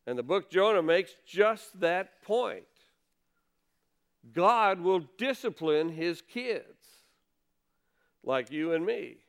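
Clear-voiced man preaching a sermon. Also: high-pitched, lively intonation, slow, long pauses. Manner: conversational preaching with emphatic stresses. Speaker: pastor.

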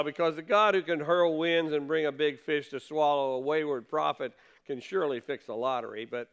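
Man, pastor preaching, smooth clear voice, slightly high pitch, earnest, shifts between loud questions and quiet asides. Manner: earnest preaching, rises for quoted questions, drops low for asides. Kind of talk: sermon.

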